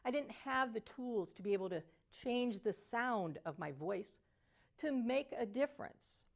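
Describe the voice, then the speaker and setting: An older woman voice coach giving a motivational teaching talk, animated and at times singing phrases to show melody. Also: a little high, unhurried, creaky.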